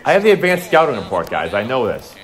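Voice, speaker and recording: Chatty animated man commentating gameplay. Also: medium pitch, fast. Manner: chatty, rambling, animated asides. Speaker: gaming commentator and baseball coach.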